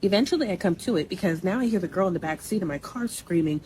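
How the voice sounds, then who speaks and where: A young woman telling a personal story in a blunt, animated, conversational way, full of asides to the listener. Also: on the low side, fast talker, a little hiss or hum, poor audio.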